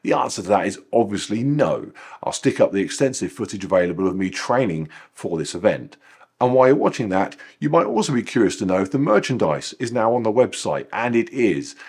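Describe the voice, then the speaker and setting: A man's voice: lowish voice, very animated, a little fast, a little mellow, slightly rough. A man delivering a dry, wry scripted voice-over for his running vlog. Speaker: running vlogger.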